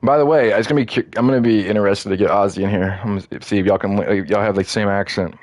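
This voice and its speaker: A man's voice: on the low side, fairly even intonation, fast, darkish tone, dry recording, clean studio sound. A man streaming a game, chatting loosely and rambling with lots of filler words. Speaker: gaming streamer. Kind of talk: casual live-stream commentary.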